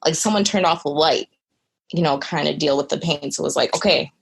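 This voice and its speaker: A woman's voice: deep voice, a little fast, vocal fry, breathy edge. A young woman who is a podcast guest, telling a personal story in a candid, earnest way with lots of conversational fillers.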